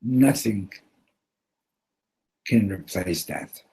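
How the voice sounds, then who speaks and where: A man at a yeshiva gathering retelling a Hasidic story in a heartfelt, animated way, mixing in Yiddish and Hebrew words. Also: lowish voice, drawn-out words, vocal fry, slightly rough, rough recording.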